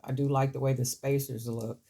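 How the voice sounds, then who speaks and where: A woman's voice: a bass voice, level tone, moderate pace, vocal fry, dark tone, slightly rough. Chatty woman crafting jewelry. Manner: rambling, chatty storytelling, talks to viewers as family. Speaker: jewelry-making channel host. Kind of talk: casual chat while crafting.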